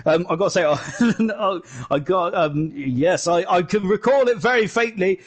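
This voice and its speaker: A man commentating a sim racing league live, excitable and chatty, shouting at the big moments. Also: sits high, unhurried. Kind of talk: live esports race commentary.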